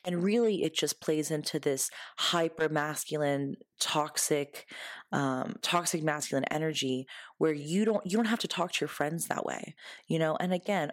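A woman's voice: on the low side, normal speed, dry recording, clean studio sound. A woman hosting her own podcast in a casual solo monologue, candid and blunt, swearing freely and laughing often, earnest when giving advice. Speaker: podcast host.

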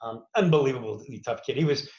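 Slightly fast and a little mellow at a medium pitch, a former wrestler from Pittsburgh, USA tells his story in a relaxed, rambling way. Fillers and restarts crop up constantly, and the audio is dull and lo-fi with room echo.

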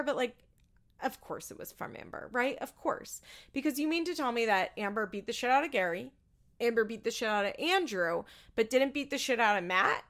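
A woman's voice: medium pitch, lively intonation, normal speed, creaky, a bit bright. A woman chatting casually as a podcast host, opinionated and swearing freely, acting out what others said in bigger voices. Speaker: podcast host recapping a reality show. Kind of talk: casual chat.

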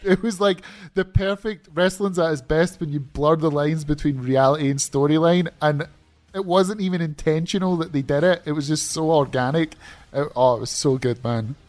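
A man's voice: on the high side, normal speed, a little mellow. Enthusiastic man gushing about wrestling. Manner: enthusiastic, loose and profane. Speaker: podcast co-host. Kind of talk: casual wrestling chat.

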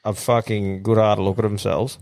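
A young man with an Australian accent, co-hosting a casual podcast chat, crude and animated, swearing freely as he tells stories. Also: lowish voice, moderate pace, gravelly. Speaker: podcast co-host.

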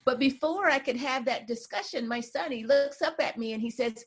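Female interview guest, author, somewhat high voice, thoughtful explainer who keeps saying "you know.". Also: animated, moderate pace, hardly any pauses. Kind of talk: conversational interview.

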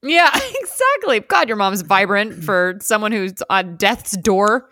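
A woman co-hosting a podcast, chatting casually about a movie, animated and giggly, acting out lines. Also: medium pitch, unhurried, dry recording, clean studio sound. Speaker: podcast co-host. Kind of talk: casual chat recapping a movie.

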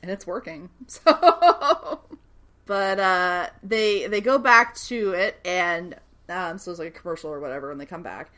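Woman, young adult, casual podcast chat, animated, lively pitch, bright tone. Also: a little slow. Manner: animated, swears freely, acts out characters' lines. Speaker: podcast co-host recapping a TV show.

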